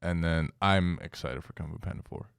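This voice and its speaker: A man's voice: deep voice, steady tone, a little fast, creaky, smooth, dry recording, clean studio sound. A young man co-hosting a casual podcast, easygoing and a bit rambling. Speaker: podcast co-host. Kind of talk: casual chat.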